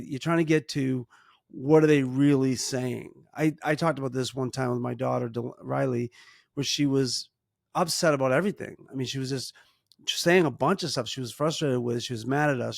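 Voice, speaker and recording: A middle-aged man with a gravelly, fry-laced voice, recorded close and dry. He gives earnest parenting advice in casual conversation. He often restarts sentences and slows down to stress his point. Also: mid-range voice, no room sound. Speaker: podcast co-host, parent.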